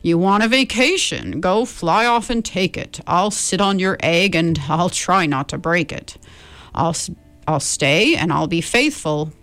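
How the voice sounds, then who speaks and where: A woman's voice: on the low side, animated, measured pace, fairly bright tone. A woman voicing a big, faithful storybook elephant. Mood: earnest.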